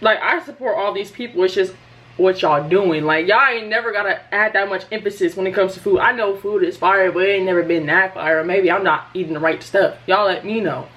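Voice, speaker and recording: Young woman vlogger talking to her viewers, playful and chatty, lots of slang, mid-pitched voice. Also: a little fast, fairly bright tone, muffled recording. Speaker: YouTube reaction host. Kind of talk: casual outro chat to viewers. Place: indoors at home, sunlit room.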